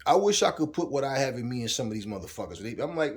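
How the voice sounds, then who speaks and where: A man rants about boxing in a loose, heated way, swearing freely and circling back to his points. His voice sits in an ordinary middle pitch. He talks straight at the person he is criticizing. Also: very animated, fast talker. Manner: heated, profane, repetitive, talks straight at the subject. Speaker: boxing commentator. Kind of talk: casual ranting commentary.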